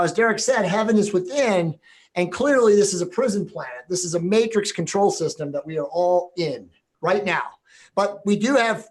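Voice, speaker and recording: High-ish guy hosting a chat, rambly, lots of ums and you knows. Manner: rambling, filler-heavy questions. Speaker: podcast host. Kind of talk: casual spiritual discussion.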